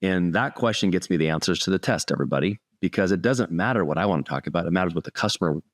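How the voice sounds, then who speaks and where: A middle-aged man, a sales speaker, telling a personal story in an earnest, animated way during an interview. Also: sits low, very fast, no echo, clean studio sound.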